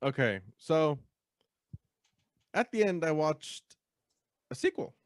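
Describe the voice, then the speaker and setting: A man co-hosting a podcast, chatting casually and easygoingly, mostly in short replies with halting restarts. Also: fairly high pitch, expressive, dry recording, clean studio sound. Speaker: podcast co-host. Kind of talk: casual chat.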